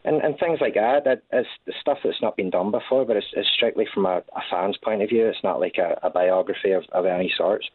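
A Scottish man in his thirties, a guest in a casual interview, talking haltingly with many restarts. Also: fairly low pitch, breathy edge, no echo. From Scotland. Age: 30s. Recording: tinny phone-like line.

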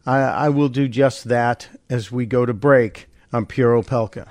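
A man hosting a live talk radio show, narrating a clip in an animated, sarcastic, opinionated way. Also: mid-range voice, measured pace, dry recording.

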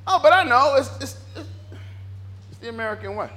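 A man preaching a sermon in a church, animated and repetitive, acting out little inner dialogues as he goes. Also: very high-pitched, a little fast. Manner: animated, repeats phrases, acts out inner dialogue. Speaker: pastor.

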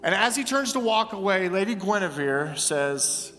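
Preacher guy, bright punchy voice, big echoey church, bit of music under. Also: sits high, moderate pace. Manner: animated storytelling, emphatic repetition. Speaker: pastor. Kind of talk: sermon. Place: church sanctuary.

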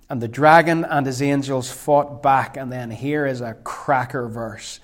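A man preaching a sermon, emphatic, slowing right down whenever he quotes scripture. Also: a little high.

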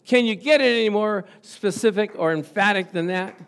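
A man's voice: high voice, normal speed, vocal fry, fairly bright tone. A middle-aged male pastor preaching a sermon, stressing points by repeating phrases and chuckling at his own stories.

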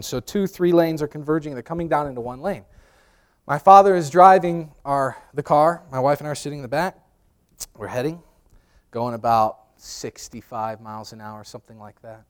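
A man preaching a sermon, telling lively personal stories, acting out voices loudly and often repeating words as he restarts. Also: a little high. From New York. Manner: animated storyteller, acts out voices loudly. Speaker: pastor. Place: church sanctuary.

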